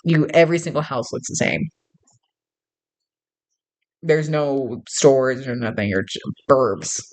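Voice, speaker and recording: A woman's voice: rumbling low, expressive, slow, a little mellow. A woman vlogging in a casual, chatty storytelling monologue, laughing often and restarting her sentences. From suburbs, grew up in.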